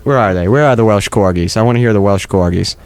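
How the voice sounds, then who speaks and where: A man's voice: on the low side, fast talker, darkish tone, slight background noise. A man hosting a comedy podcast, rambling through a mock-earnest monologue with many restarts. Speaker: podcast host.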